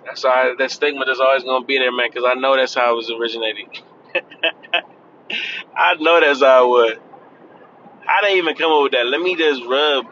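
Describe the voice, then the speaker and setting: A man's voice: medium pitch, normal speed, pauses often, pushed and bright, highs cut off, a little hiss or hum. A man of thirty talking in a casual, chatty vlog from his car, laughing and admitting he is nervous. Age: 30s. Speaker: vlogger. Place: in a car on the freeway.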